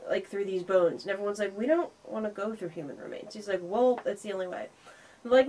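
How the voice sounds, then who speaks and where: A woman's voice: medium pitch, quick pace, darkish tone. A woman co-hosting a casual film review chat, sardonic and acting out the characters' lines as she recaps.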